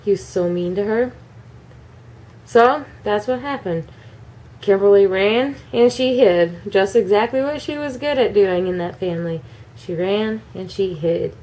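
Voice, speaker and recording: Mellow-voiced mom telling a story. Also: female voice, medium pitch, unhurried. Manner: animated, acts out every character. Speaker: mother telling a bedtime story. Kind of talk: casual storytelling to a child.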